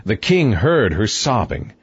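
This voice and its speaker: A man narrating a storybook aloud in an expressive, wide-ranging read. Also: lowish voice, measured pace, husky. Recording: muffled, dull, dry recording.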